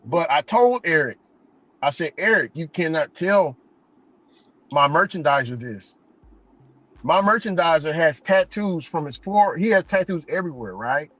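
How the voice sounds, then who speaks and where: Man, slightly high voice, casual chat, storytelling, muffled lo-fi sound. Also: unhurried, no echo. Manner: storytelling, animated, acts out quoted voices. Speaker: podcast host. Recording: dull lo-fi recording.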